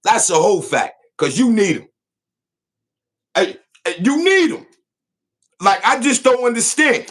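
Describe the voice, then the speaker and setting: High-pitched guy roasting someone on his show, loud and mocking, voice all over the place. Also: sing-song, measured pace, long pauses. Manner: loud, mocking, repeats catchphrases. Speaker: online show host. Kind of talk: comedic roast rant.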